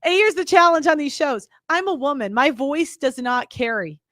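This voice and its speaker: A woman hosting a commentary show, talking in an emphatic, exasperated way with halting restarts. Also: sits high, animated, fairly bright tone, no room sound, studio quality. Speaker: commentary host reacting to clips. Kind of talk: casual reaction commentary.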